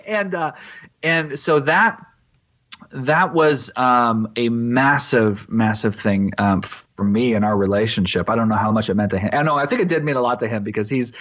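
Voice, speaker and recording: A middle-aged man from East Texas, a pastor, telling a personal story in an interview with halting, reflective pauses and restarts. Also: on the low side, fairly bright tone. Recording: slightly muffled lo-fi audio.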